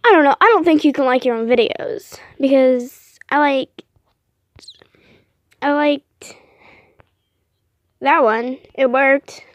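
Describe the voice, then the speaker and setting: A young woman vlogging casually, rambling and apologizing a lot between lots of fillers, with excitable bursts. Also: high-pitched, slow, pauses often, dry recording.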